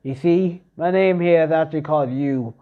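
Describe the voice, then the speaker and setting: A man voicing a serious, muscular swordsman who acts as a gruff mentor. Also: fairly high pitch, normal speed, narrow, tinny audio, close to an everyday voice.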